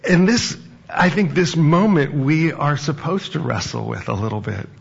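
A man's voice: on the high side, lively intonation, moderate pace, creaky, slightly rough, lo-fi sound. A man preaching a sermon, reading scripture and then talking conversationally with anecdotes and fillers. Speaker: pastor.

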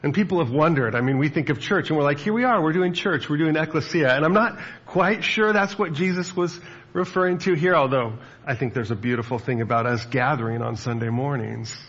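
A man's voice: mid-range voice, fairly quick, fairly bright tone, breathy edge, dull audio. A man preaching a sermon as pastor, in a conversational way with fillers and friendly asides.

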